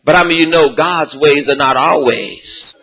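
A man preaching a sermon in a sing-song cadence, asking the congregation questions and swelling into shouts. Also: a little high, fairly even intonation, a little slow.

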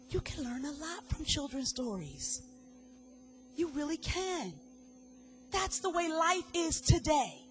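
A woman preaching a sermon, swinging dramatically between hushed lines and loud, fervent ones. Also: high-pitched.

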